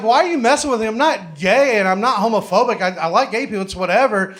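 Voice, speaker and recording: Brash, high-voiced stand-up comedian. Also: male voice, fast, few pauses, fairly bright tone, slight background noise. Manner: brash storytelling, profane punchlines.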